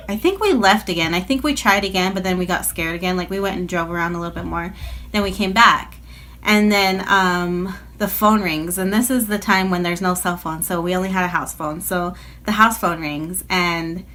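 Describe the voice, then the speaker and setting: A woman's voice: on the low side, fairly bright tone. A woman tells a personal story in a casual storytime vlog. Her delivery is chatty and rambling, full of filler words, and it sounds like it was recorded on a phone. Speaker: vlogger telling a personal story.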